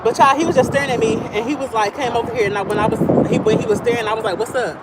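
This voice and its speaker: A trans woman walks through an outdoor field on a phone livestream, telling stories in a loose, slangy, chatty way. Her voice sits high. Steady highway traffic rumbles loudly under everything she says. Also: rapid-fire. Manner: chatty, slangy storytelling while walking outdoors. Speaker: vlogger living in a car. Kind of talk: casual livestream chat. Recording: loud outdoor traffic noise.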